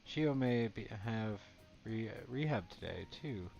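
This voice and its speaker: A man's voice: fairly low pitch, expressive, slow pace, gravelly, a little mellow, exaggerated voice. A man reading the lines of a cheerful teenage girl model aloud from a game, in his own plain voice. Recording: dull lo-fi, faint game music.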